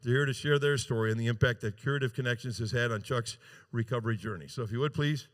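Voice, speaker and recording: A man with a mid-range voice speaks fast as he auctions at a charity gala in a large event room. Into a handheld mic he calls live bids, using joking banter to win over bidders.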